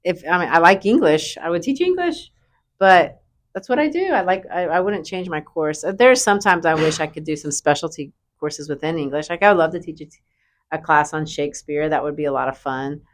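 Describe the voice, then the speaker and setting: Woman, high school English teacher, lowish voice, chatty and animated interview talk. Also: brisk. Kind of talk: casual interview chat.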